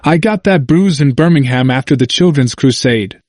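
A man voicing an intense, earnest man in his seventies with a hoarse voice and an emphatic manner, in a dry recording. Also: mid-range voice, expressive, moderate pace, no room sound, close to an everyday voice. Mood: quiet, earnest. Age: 70s. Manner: forceful and emphatic, then near-whispered.

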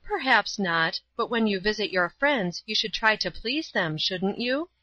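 A woman voicing a gentle, pious old woman who speaks calmly and tenderly in a storybook reading. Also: medium pitch, a little slow, dry recording, muffled recording.

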